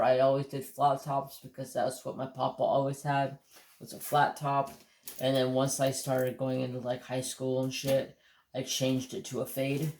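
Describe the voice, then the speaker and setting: In an echoey room, an American man with a medium-pitched voice hosts a casual livestream chat for his craft channel. He rambles and swears through easygoing stories, hiccupping as he goes.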